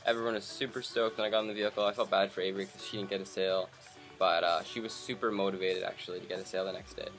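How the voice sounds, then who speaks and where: A man's voice: low voice, rapid-fire, faint music behind. A young man from Canada casually telling a story to camera for his vlog, acting out the people he quotes. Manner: animated, acts out quoted people. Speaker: vlogger.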